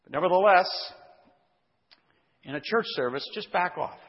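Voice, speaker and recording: A man with a slightly high voice preaches a careful verse-by-verse sermon, reading passages and then explaining them. The recording is dull and lo-fi, with a long reverb trailing off each phrase as if in a large hall. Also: animated. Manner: deliberate teaching, reading scripture aloud and explaining words. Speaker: pastor. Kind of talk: expository sermon.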